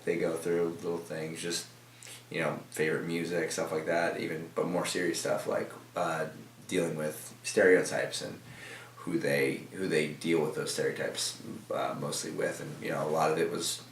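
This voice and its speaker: Deep-voiced young man rambling in an echoey office. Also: little pitch movement, normal speed, slight background noise. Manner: rambling, many fillers and restarts. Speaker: team member guest. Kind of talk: casual interview. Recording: echoey room from a distance.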